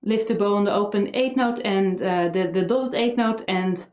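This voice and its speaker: A woman's voice: medium pitch, moderate pace, darkish tone. A woman violin teacher giving a lesson with energy, singing melody lines on syllables. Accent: Dutch. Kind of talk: instructional tutorial. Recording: echoey room, faint violin.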